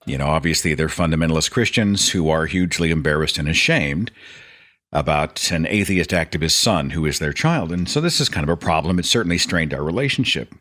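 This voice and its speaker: A man's voice: a bass voice, expressive, fairly quick, a bit bright. A man hosting a podcast, telling rambling, self-deprecating stories in a casual stream-of-consciousness monologue. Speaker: podcast host.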